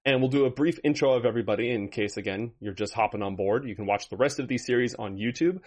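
A man's voice: mid-range voice, fast, a little mellow. Dramatic male dungeon master narrating. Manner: dramatic storyteller cadence. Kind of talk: narrating a tabletop game recap.

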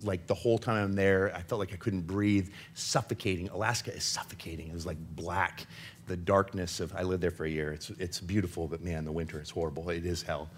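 A man's voice: deep voice, steady tone, fairly quick, a little hiss or hum. Earnest male Christian speaker. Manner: earnest, confessional, swings between urgent and hushed. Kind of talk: impassioned faith talk.

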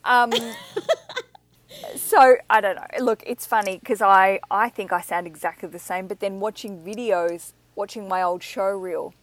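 An Australian woman with a lightly softened accent hosting a podcast, chatting casually and telling lively stories. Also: medium pitch, measured pace. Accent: Australian, softened by years in England. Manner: animated storyteller, acts out quoted voices. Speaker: podcast host. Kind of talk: casual chat.

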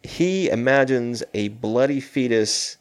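Slow and expressive, a medium-pitched man co-hosts a casual conversation about films. He loosely recounts a horror movie one scene at a time, performing the lines he quotes.

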